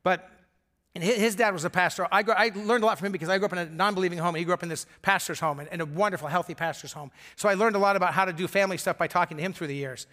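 A man's voice: sits high, very fast, sharp tone. A middle-aged male pastor preaching a sermon in an earnest, emphatic way.

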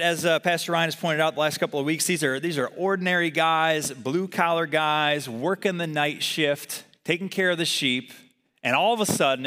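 A man's voice: on the high side, sharp tone. A man preaching a sermon in a conversational way, asking the congregation to repeat words after him. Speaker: pastor. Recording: long hall reverb.

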